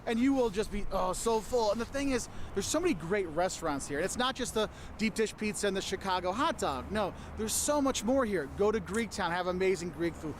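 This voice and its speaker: A man's voice: sits high, lively intonation, brisk, hardly any pauses, slight background noise. A man talking casually to camera as a travel vlogger, giving chatty, explanatory advice about a city with a light humorous touch.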